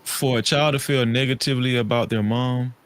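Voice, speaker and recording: A man co-hosting a podcast, talking in a relaxed, thoughtful way with frequent restarts and "you know". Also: medium pitch, a little fast. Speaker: podcast co-host. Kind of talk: casual chat. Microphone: studio microphone, podcast setup.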